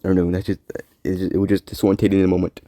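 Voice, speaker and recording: A man's voice: low-pitched, flat delivery, very fast, warm tone, dry recording. A man hosting his own show, talking alone in a casual, rambling way, repeating words and trailing off into mumbled asides. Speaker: podcast host. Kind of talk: casual solo monologue.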